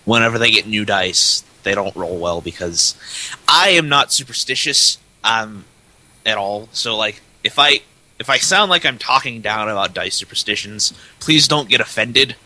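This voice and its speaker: A man's voice: fairly low pitch, lively intonation, normal speed, sharp tone, low-quality recording. A man co-hosting a casual gaming podcast, talking at length with lots of "like". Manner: talkative, many "like" fillers. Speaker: podcast co-host. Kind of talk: casual chat.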